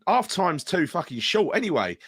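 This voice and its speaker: A man's voice: fairly high pitch, sing-song, normal speed, fairly bright tone, breathy edge. A man co-hosting a football podcast in casual chat, talking bluntly and swearing as a traditionalist. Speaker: podcast co-host.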